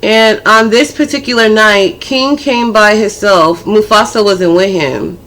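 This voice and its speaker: A woman's voice: medium pitch, measured pace, fairly bright tone. A woman vlogger casually telling a personal story, chatty and full of profanity. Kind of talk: storytime vlog.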